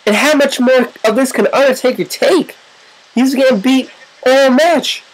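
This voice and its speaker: A woman giving excitable, profane, joking play-by-play commentary over a wrestling video game. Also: sits high, measured pace, rough recording.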